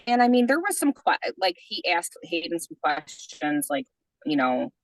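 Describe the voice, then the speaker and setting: A woman's voice: on the low side, big pitch swings, normal speed, rough recording. A woman podcast host telling a personal story in a chatty way, full of "like" and "you know". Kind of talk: casual storytelling.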